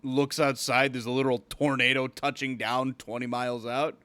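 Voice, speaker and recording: Male podcast co-host, smooth clear voice, dry close sound, animated storyteller. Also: medium pitch, normal speed, no echo. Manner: animated, acts out rants at customers. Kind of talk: casual chat.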